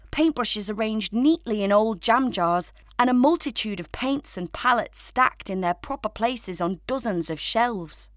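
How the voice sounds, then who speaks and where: Woman, storybook narration, measured, mid pitch, dry close sound. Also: fairly bright tone, no room sound.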